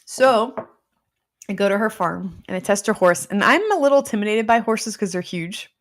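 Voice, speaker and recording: A woman hosting a casual live stream, telling stories in an excitable, bubbly way and greeting viewers as she goes. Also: medium pitch, moderate pace. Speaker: host teaching nutrition testing.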